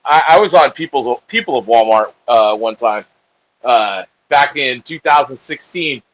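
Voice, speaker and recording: A man's voice: medium pitch, lively intonation, measured pace, low-quality recording. A man in his forties who is a guest musician on a podcast, chatting in an easygoing way, swearing casually and often trailing off mid-sentence. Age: 40s. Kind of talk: casual chat.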